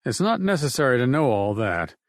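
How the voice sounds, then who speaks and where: A man's voice: medium pitch, big pitch swings, fairly quick, dry recording, studio quality. Man doing a blunt, wry survivor. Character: gruff practical man, dry humor. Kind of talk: audiobook narration.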